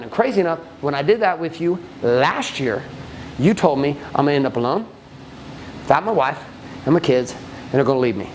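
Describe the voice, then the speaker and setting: A man's voice: fairly quick, pauses often, slight background noise, rough recording. A man coaching a men's group in blunt, profane talk, often acting out what people say. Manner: swears often, shifts into acted quotes, lively pitch.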